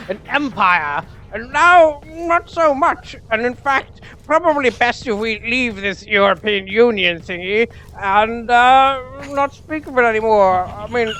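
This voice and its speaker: A man's voice: high voice, creaky, sharp tone, a little hiss or hum, voice pushed up, exaggerated voice. A man voicing a pompous, wistful Englishman who speaks in a drawling way. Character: pompous wistful Englishman mourning lost glory.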